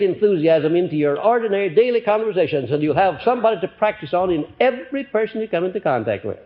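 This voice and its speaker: Older guy giving a pep-talk lecture, kinda high-pitched, muffled 50s tape sound, gets loud then soft, lots of uhs. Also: fast talker, few pauses. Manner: animated, swings between loud emphatic and quiet, frequent uh fillers. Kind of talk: live motivational lecture. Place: lecture hall with audience. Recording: muffled 1950s lecture recording.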